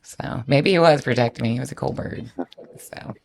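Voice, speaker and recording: Guest spot: very deep-voiced woman with a gravelly edge, lively storyteller. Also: normal speed. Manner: animated, laughs while telling stories, acts out quoted voices. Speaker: falconer guest. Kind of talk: casual storytelling.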